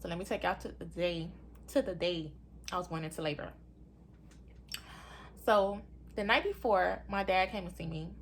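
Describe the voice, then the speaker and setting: A young woman animatedly tells her viewers her own story in a casual way, calling them "y'all" a lot and acting out what people said in a high voice. She talks at a normal speed with long pauses, over slight background noise.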